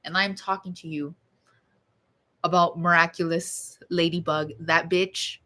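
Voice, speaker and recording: Talking to camera at home, a young woman rambles bluntly and swears without holding back. Her voice is on the low side, steady and sharp in tone, and she takes her time.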